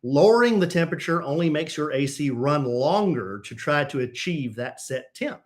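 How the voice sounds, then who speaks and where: A man's voice: a little high, lively intonation, moderate pace. A man co-hosting a podcast in casual chat, playful as he reads listener letters aloud. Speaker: podcast co-host.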